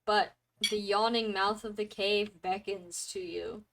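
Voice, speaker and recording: A woman's voice: medium pitch, steady tone, measured pace, fairly bright tone. A woman narrating a tabletop game as game master, loose and playful, with many fillers.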